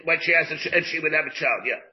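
Man, rabbi teaching Talmud, slightly high voice, explains step by step with restarts. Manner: explains slowly, mixes Hebrew and Aramaic terms into English, many restarts. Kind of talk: Talmud class lecture. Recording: dull lo-fi class recording.

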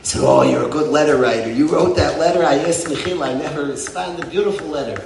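A middle-aged man speaking with passion to a gathered crowd, his voice a little higher than most, rising to loud bursts and falling to near-whispers. He is heard from a distance in a reverberant hall, with faint room noise around him. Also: fairly quick, creaky. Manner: impassioned, swinging from loud to hushed. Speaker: yeshiva head. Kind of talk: emotional speech to a crowd. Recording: echoey hall, mic from afar.

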